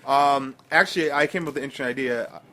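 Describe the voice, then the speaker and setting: A man's voice: mid-range voice, fast talker, sharp tone. A man co-hosting a casual podcast, rambling through stories with many fillers and restarts. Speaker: podcast co-host.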